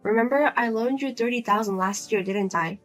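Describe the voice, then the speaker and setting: A woman's voice: a little high, normal speed, faint music behind, pitched below the performer's own voice, close to an everyday voice. A woman voicing a single adult daughter who speaks bluntly and coldly to her mother. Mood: firm, exasperated. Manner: blunt, cold, lecturing.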